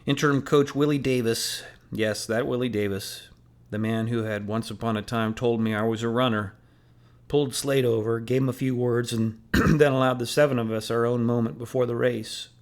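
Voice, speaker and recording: A man reading a novel aloud in first person, measured and earnest. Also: mid-range voice, fairly even intonation. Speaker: audiobook narrator.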